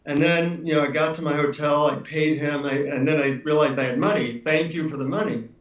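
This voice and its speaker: A man's voice: fairly high pitch, a little fast. Man telling stories in a roomy space. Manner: relaxed, with frequent fillers. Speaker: author, interview guest. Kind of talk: anecdotal storytelling. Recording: roomy room, distant mic.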